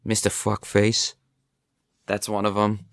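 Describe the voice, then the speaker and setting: A man's voice: lowish voice, monotone, takes it slowly. A man co-hosting a casual podcast, dropping dry wisecracks. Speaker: podcast co-host.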